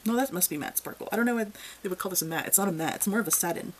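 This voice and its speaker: A woman's voice: on the low side, racing, a little hiss or hum, poor audio. Blunt, exasperated woman reviewing makeup. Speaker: beauty reviewer. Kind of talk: casual product review.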